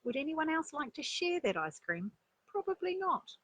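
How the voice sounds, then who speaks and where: A woman reading a children's story aloud, breaking off for chatty asides and rhetorical questions to her listeners, with a breathy voice. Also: sits high, very animated, normal speed, a bit bright, no room sound. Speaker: storyteller and life coach.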